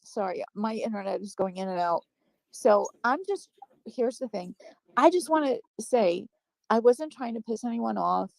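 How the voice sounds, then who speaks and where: Woman guest on a stream panel; defensive, rambling, apologetic; voice sits a bit high, dry close mic. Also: moderate pace, vocal fry, a little mellow, no echo, low-quality recording. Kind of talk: live-stream panel chat.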